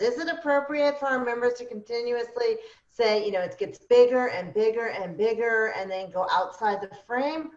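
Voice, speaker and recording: Woman asking a polite, methodical question, higher pitch, echoey room over a dull line. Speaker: club member asking a question. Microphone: video call. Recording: roomy, dull video-call audio.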